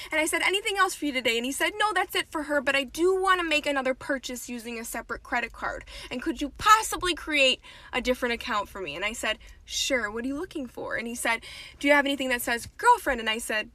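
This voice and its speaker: A woman's voice: high-pitched, expressive, quick pace, sharp tone, no room sound. A woman who works retail telling a story time with dry, understated delivery. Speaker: jewelry store worker.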